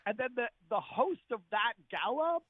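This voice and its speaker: A man's voice: extremely high pitch, moderate pace, dry recording. A man, a comedian, telling stories in a casual interview and acting out the people he quotes. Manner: animated storyteller, acts out quoted people. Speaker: comedian guest. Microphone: phone line. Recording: tinny phone line, dry.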